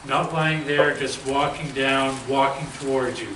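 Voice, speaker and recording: A man's voice: mid-range voice, little pitch movement, unhurried, a bit bright. A man hosting an interview, asking long rambling questions padded with fillers. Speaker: interview host. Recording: echoey, distant mic with faint noise.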